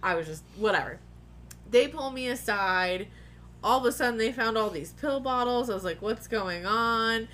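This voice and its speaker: A woman's voice: fairly high pitch, animated, normal speed, fairly bright tone, a little hiss or hum. A woman telling a personal story in casual chat, candid and profane, often laughing as she talks.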